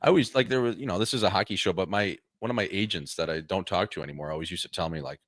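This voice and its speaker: A young man from Wisconsin co-hosts a podcast as an easygoing storyteller, with plenty of filler words. His voice is very low, and he talks quickly. The studio mic sounds dry and close. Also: dry recording. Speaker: podcast co-host. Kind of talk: casual chat.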